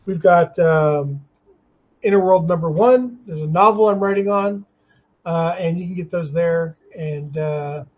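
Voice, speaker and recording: A man's voice: fairly high pitch, measured pace, lo-fi sound. A man in casual chat, rambling and chatty, with many restarts. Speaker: guest, comics artist.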